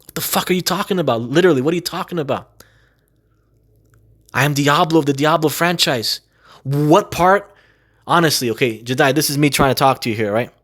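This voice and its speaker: A man's voice: on the high side, brisk, long pauses, a bit bright. Aggrieved man ranting with profanity. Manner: profane, repetitive rhetorical questions; aggrieved, exasperated. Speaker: gaming video creator. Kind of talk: ranting monologue to camera.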